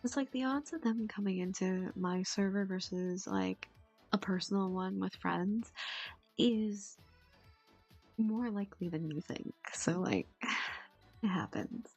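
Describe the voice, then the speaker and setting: A young woman with a husky, gravelly voice chats loosely on a stream, wandering between thoughts with plenty of fillers and the odd curse word. The audio is dull and lo-fi, with faint music underneath. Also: mid-range voice, slow pace, a little mellow. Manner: rambling, swears casually, many fillers. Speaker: voice actor streamer. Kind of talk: casual stream chat.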